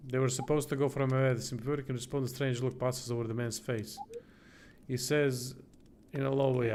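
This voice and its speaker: A man's voice: mid-range voice, flat delivery, fairly quick, a little mellow. A tired man streaming, casually reading a text game aloud, swearing now and then and stumbling over words. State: tired, yawning.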